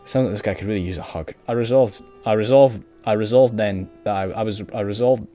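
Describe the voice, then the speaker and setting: A man playing through a video game, reading its text aloud and reacting in an excitable, sweary way. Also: fairly low pitch, fairly quick, soft background music. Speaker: game streamer. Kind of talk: let's play commentary.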